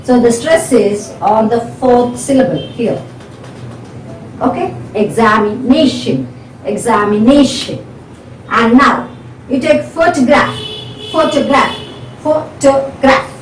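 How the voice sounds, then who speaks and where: A woman teaching an English pronunciation lesson, explaining step by step and repeating example words slowly, checking "got it?" with her students. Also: fairly high pitch. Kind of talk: classroom-style video lesson. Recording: echoey room, voice from a distance, faint noise.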